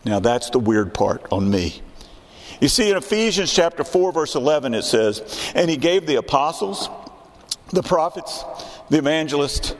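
A man's voice: sing-song, normal speed. Older preacher man in a reverberant hall. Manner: emphatic, repeats key phrases, rising pitch on questions. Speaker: pastor. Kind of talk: sermon. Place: church sanctuary.

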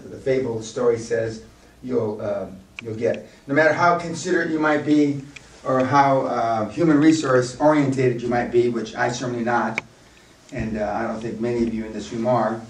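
A man's voice: mid-range voice, steady tone, normal speed, a little hiss or hum. Older man lecturing at a live seminar, blunt and rambling, full of asides. the mic sits far off and the room echoes a lot. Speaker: seminar speaker.

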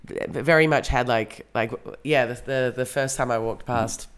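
A woman's voice: extremely low pitch, normal speed, clear, resonant tone. Rambling woman telling a story. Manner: rambling, filler-heavy, many restarts. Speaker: podcast co-host. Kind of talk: casual storytelling chat.

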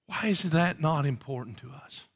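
Preaching with passion, a male pastor moves from loud, emphatic calls to hushed pleading and poses rhetorical questions to the congregation. His voice is fairly high and slightly rough, at a normal speed.

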